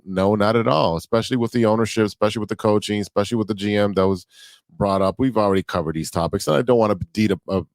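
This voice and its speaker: Male podcast host, low voice, dry close sound, relaxed delivery, reads through numbers. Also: no room sound. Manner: easygoing, laughs along, runs through stats. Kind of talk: casual chat and segment hosting.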